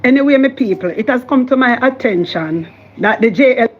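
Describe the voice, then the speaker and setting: Jamaican woman vlogger, high-pitched, preachy and scolding, dull lo-fi sound. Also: lively intonation, fairly quick. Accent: Jamaican Patois. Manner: impassioned, scolding, repetitive. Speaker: political commentary vlogger. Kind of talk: fiery political rant.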